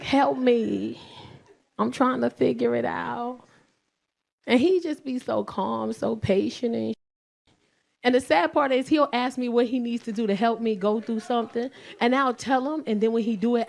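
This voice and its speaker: A woman's voice: unhurried, vocal fry. Brash New York woman doing stand-up. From South Bronx, New York. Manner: brash, swings into high squeals and loud shouts when acting out scenes. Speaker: stand-up comedian. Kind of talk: stand-up comedy set.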